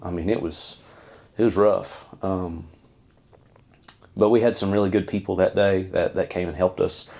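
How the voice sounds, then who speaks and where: A man, a podcast guest telling a personal story in an earnest, halting way with many fillers and restarts. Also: sits low, fairly even intonation, vocal fry, warm tone.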